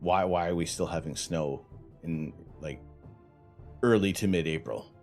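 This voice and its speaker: A man's voice: sits low, a little slow, darkish tone, soft background music. A man hosting a casual astronomy livestream from home, joking and laughing as he chats with viewers. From Canada.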